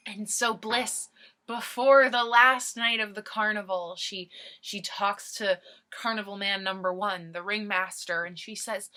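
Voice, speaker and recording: A woman's voice: mid-range voice, steady tone, measured pace, bright, forceful tone. A young woman improvising a comic story as a video host, rambling and giggly as she ad-libs.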